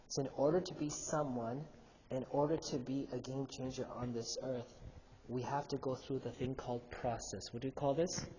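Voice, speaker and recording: A man's voice: medium pitch, darkish tone. A male imam giving a youth sermon in a mosque hall. He tells a story with animation and asks the audience questions. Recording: dull, echoey hall recording with faint hum.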